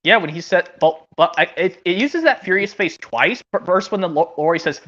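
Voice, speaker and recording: A man's voice: sits high, lively intonation, moderate pace, sharp tone, dull audio. A man streaming a casual chat, rambling and hesitant, with many restarts, heard over a video call.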